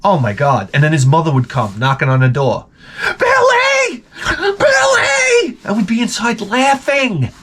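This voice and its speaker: A man rambles through profane comic stories, laughing a lot. His voice sits fairly high and swings widely in pitch. A faint hiss runs under it. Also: very animated, a little fast, few pauses. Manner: crude, rambling, laughs often, acts out quotes. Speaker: vlogger.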